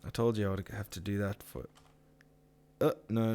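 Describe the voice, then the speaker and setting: A man's voice: on the low side, fairly even intonation, moderate pace, darkish tone. A man hosting a casual live chat, ranting with swearing and reading out viewer comments. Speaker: live-stream host.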